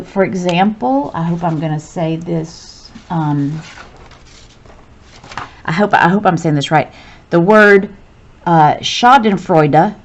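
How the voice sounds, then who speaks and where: Slow, patient woman teaching grammar. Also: lowish voice. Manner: patient, explains step by step, corrects herself. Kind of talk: grammar lesson narration. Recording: dull lo-fi sound.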